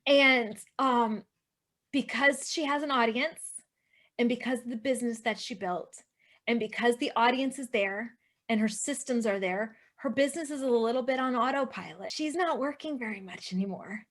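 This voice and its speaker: A woman's voice: on the high side, normal speed. A woman speaking as a podcast guest, earnest and emotional, chatting with many restarts and talking straight to listeners. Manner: animated, addresses listeners directly. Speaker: podcast guest, online entrepreneur. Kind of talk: casual interview chat.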